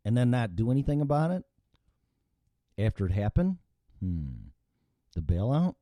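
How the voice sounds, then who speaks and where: A man's voice: fairly low pitch, big pitch swings, normal speed, long pauses, dark tone, no room sound, clean studio sound. A middle-aged American man hosting a show, ranting with profanity and heavy sarcasm. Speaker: show host. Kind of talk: solo political rant.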